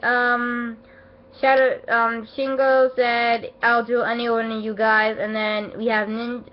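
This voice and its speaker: Fairly high-voiced woman rambling through an anime review, gets all emotional, lots of ums, voice kinda off cuz she's sick, muffled lo-fi mic. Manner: excitable, emotional, rambling with many fillers and restarts. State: voice not at its best, feeling unwell. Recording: dull lo-fi home recording.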